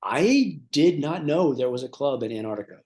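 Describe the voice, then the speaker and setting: A man at a middle pitch riffs through invented stories, trailing off, restarting and stacking one absurd detail on another. His talk is loose and conversational, full of likes and ums. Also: lively intonation, normal speed, darkish tone. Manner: rambling, lots of fillers, builds absurd details. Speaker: comedian co-host. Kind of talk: improvised comedy chat.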